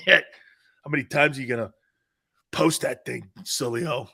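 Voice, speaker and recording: A middle-aged American man hosting casual live sports talk, animated and laughing, reading out viewer comments. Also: mid-range voice, slow, creaky, husky. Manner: animated, loud bursts, laughs a lot.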